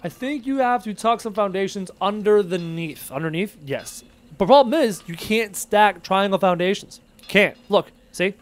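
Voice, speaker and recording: A man's voice: sits high, moderate pace. A man streaming a game live, chatting and muttering to himself as he plays and reads chat aloud. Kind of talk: live gameplay commentary, reading chat aloud.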